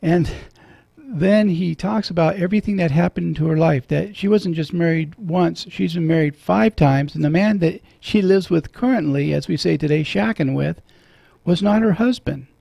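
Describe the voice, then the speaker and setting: A man's voice: on the high side, moderate pace, vocal fry, mellow, slightly rough, no room sound, highs cut off. A middle-aged man hosting a radio talk show from a studio, earnest and preacherly, moved when he quotes scripture.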